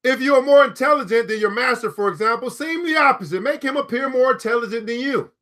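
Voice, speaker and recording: A fast-talking man with a very high, bright voice and a forceful tone hosts a book club for a live audience. As he reads aloud, he riffs emphatically and playfully, repeating the key phrases.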